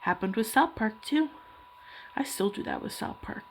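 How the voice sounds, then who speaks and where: A young woman who vlogs about her hobby art chats casually while drawing, rambling and poking fun at herself. Her voice is on the high side, animated, creaky and husky, at a moderate pace.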